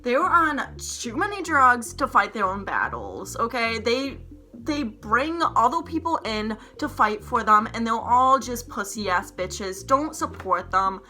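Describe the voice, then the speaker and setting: A woman's voice: a little high, very animated, measured pace, bright, forceful tone, faint music behind. A young woman vlogger telling a heated storytime, rambling, swearing often and saying "like" a lot. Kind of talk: storytime vlog to camera.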